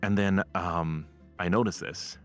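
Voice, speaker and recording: A man's voice: sits low, fairly even intonation, unhurried, soft background music. A man from Ireland, chatting on a stream and telling stories in a cocky, teasing way. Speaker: collab guest streamer. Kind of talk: casual chat.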